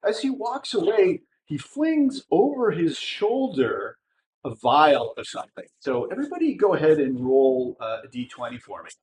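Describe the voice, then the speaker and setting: A man narrating as game master of a tabletop game, speaking hesitantly with many pauses and restarts. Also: mid-range voice, wildly swooping pitch, a little mellow, slight background noise.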